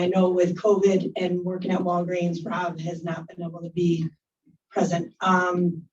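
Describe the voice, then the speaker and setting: Slow-reading woman at a club meeting. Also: medium pitch, darkish tone. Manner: joking, reads names slowly. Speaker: club sergeant at arms. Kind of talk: casual meeting announcements. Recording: distant muffled room recording, faint noise.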